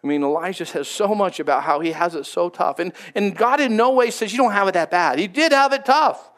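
Male pastor, high-pitched, chatty and emphatic, preaching a sermon. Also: a little fast, a bit bright. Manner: conversational, emphatic, repeats words.

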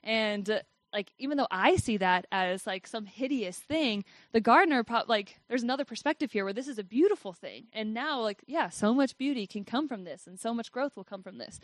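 A woman's voice: on the high side, animated, brisk, no room sound. A young woman telling a personal faith story in a chatty way, saying "like" often and laughing as she goes. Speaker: speaker sharing a faith testimony.

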